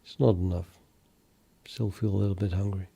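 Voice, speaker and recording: A man thinking aloud while he codes live, chatting with viewers in a halting, muttering way that trails off mid-sentence. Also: sits low, steady tone, creaky, warm tone, breathy edge. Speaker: programmer streaming live development.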